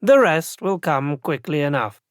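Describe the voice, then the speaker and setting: A man voicing a cool, commanding woman investigator in an audiobook, measured and dry. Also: on the high side, expressive, no echo. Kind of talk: audiobook character voice.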